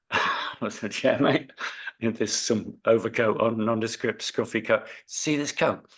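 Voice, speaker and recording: A man's voice: lowish voice, little pitch movement, unhurried, fairly bright tone, slightly rough. A man co-hosting a podcast, telling a story in casual chat, laughing and swearing now and then. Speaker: podcast co-host.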